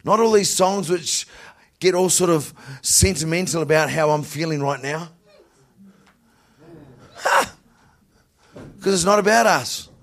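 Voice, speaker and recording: A man preaching a sermon in an animated way, often laughing, repeating words and rising to shouts. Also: fairly high pitch, a little slow, long pauses.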